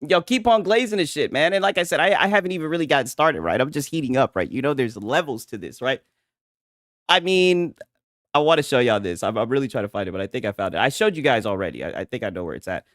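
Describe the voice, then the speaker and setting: A man's voice: medium pitch, lively intonation, fast talker, a bit bright, dry recording, studio quality. A man hosting a casual gaming livestream, mocking his audience with frequent laughter and profanity. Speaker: gaming commentary streamer.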